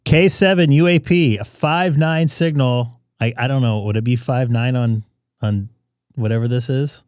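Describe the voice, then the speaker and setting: A man's voice: medium pitch, moderate pace, darkish tone, smooth, dry recording. A man from California hosting a ham radio live stream, talking casually with lots of fillers. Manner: chatty, loose, many fillers. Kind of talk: casual on-air chat.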